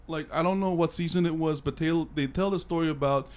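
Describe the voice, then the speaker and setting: A man co-hosting a casual review chat, excitable and rambling, teasing his co-host and swearing. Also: on the high side, fairly quick, clean tone. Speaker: podcast co-host and film reviewer.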